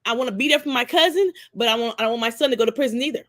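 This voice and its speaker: A woman's voice: fairly high pitch, racing, a bit bright, dry recording. A woman in her forties talking on a discussion panel, emphatic, repeating herself and cursing freely. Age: 40s. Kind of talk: casual discussion.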